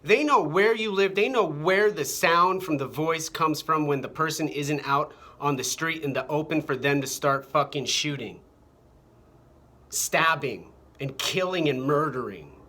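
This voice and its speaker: A man's voice: on the high side, measured pace, bright, forceful tone. A man delivering a rambling, profane, agitated monologue to his camera, repeating phrases over and over. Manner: agitated, repetitive, profane rant. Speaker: vlogger. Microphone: camera mic.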